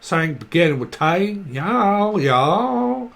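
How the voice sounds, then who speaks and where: A man's voice: high-pitched, sing-song, slow, vocal fry, fairly bright tone, slight background noise, pitched above the performer's own voice, exaggerated voice. A man putting on a squealing drawly spirit voice. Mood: giddy. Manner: squealing, repetitive, giddy. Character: high-pitched, over-eager drawling spirit voice.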